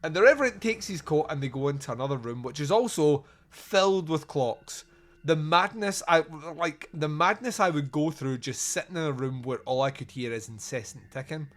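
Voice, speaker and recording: A man's voice: fairly high pitch, expressive, normal speed. A man hosting a podcast, chatting casually about a film, rambling and joking with lots of fillers. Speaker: podcast host. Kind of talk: casual film review chat.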